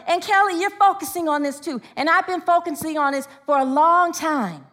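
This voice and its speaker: A middle-aged woman minister giving a sermon, telling stories with laughs and asides and rising excitedly when she quotes people. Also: extremely high pitch, moderate pace, few pauses.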